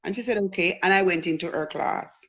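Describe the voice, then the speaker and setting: A woman's voice: lowish voice, brisk. A middle-aged woman from Jamaica with a Jamaican accent, earnestly telling a personal story in casual talk. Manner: earnest storytelling, acts out quoted voices. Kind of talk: casual testimony.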